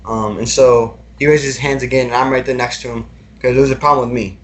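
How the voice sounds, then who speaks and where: A man's voice: medium pitch, fairly even intonation, quick pace. Young man telling his story, rambling. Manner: casual, rambling, many fillers and repeated words. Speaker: guest. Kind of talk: recounting personal experiences in a podcast interview.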